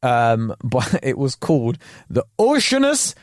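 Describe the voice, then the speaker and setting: Casual man, co-hosts a chat podcast, lively pitch, loose and rambling, dry close sound. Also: unhurried, no room sound. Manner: rambling, laughing, with many fillers. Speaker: podcast co-host.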